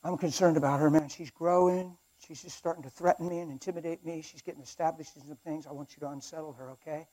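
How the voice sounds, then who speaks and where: A man voicing a commanding, scheming male devil who orders his minion around in a low voice. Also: steady tone, fast talker, few pauses, a little mellow, natural voice, rough recording. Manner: low, scheming, then scolding.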